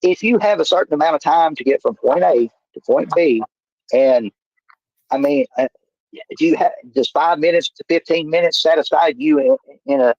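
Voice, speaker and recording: A man's voice: a little high, normal speed, darkish tone, no echo. A man, rambling in folksy, salesman-like talk as a stream guest. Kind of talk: casual talk. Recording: muffled stream audio.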